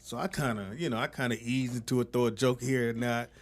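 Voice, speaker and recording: A man telling a story in casual chat, animated and acting out the people he quotes. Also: medium pitch, fast. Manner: animated, acts out quoted people, laughs often. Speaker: podcast co-host telling a story.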